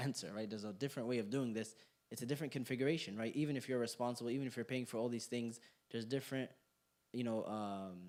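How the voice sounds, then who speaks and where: A man's voice: mid-range voice, a little mellow. A young man teaching a class, talking casually and playfully, joking and throwing questions to the room. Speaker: class instructor. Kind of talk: interactive class talk. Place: community center classroom.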